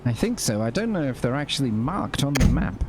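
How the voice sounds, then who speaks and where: A man's voice: mid-range voice, very animated, a little fast, a crowd in the background, natural voice. A man doing a posh news reporter. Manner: posh radio-presenter voice, calls partner "my darling". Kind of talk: role-play in a video game.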